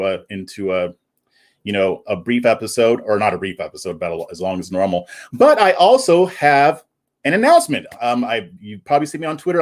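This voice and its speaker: A man hosting a live stream in casual chat, plugging his channel and previewing the topics. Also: mid-range voice. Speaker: livestream host.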